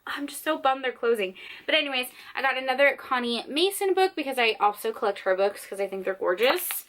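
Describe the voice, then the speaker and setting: A woman's voice: sits high, expressive, brisk, a bit bright. A young woman chatting casually and at length as a book vlogger, sitting on the floor at home. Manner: chatty, rambling. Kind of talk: casual vlog chat.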